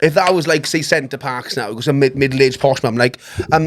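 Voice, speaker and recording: A man's voice: medium pitch, normal speed, few pauses, slight background noise. A man hosting a podcast, rambling and joking in sweary casual chat.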